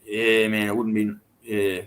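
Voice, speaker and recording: This podcast co-host is an Australian man in his forties who speaks unhurriedly, his voice fairly low. In laid-back conversation he spins animated, blunt stories packed with swearing.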